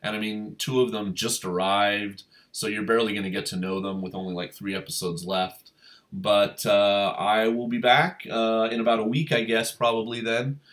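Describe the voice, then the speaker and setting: Rambling low-voiced man reviewing a show. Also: little pitch movement, moderate pace, a bit bright. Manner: rambling with many fillers and restarts; acts out quotes in a higher voice. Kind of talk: casual spoken review.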